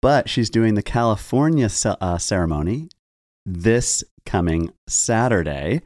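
Male church staff guest, lively pitch swings, dry close mic, animated telling. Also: measured pace, no room sound. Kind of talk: casual podcast chat.

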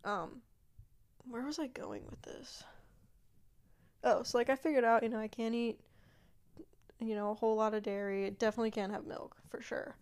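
Young female podcast host with a slightly high voice, loose and meandering, often trailing off into a soft murmur. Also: normal speed, pauses often. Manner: rambling, meandering, many fillers and asides; yawning, drops to a quiet murmur at times. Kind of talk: casual solo chat.

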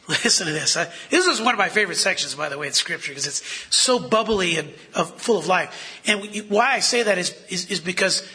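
A man's voice: high voice, lively intonation, fairly quick, pushed and bright, breathy edge. A man preaching a sermon in a conversational way, asking the listeners rhetorical questions.

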